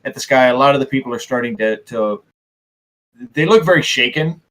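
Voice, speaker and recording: A man running a tabletop role-playing game as game master, describing scenes in an animated way and often repeating words. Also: medium pitch, fairly quick. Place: home streaming setup.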